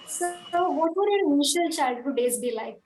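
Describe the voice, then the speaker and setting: A woman's voice: high voice, animated, normal speed, darkish tone, a little hiss or hum. A woman from India hosting an interview, polite and formal as she introduces the channel and asks questions. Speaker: host. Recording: echoey room.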